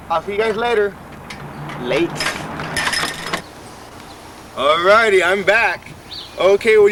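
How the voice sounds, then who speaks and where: A man's voice: fairly high pitch, sharp tone, a little hiss or hum. Breathless man rambling to camera outdoors. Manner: rambling, profane, loose, repeats himself. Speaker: host of a public-access TV show. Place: outdoors at a friend's house.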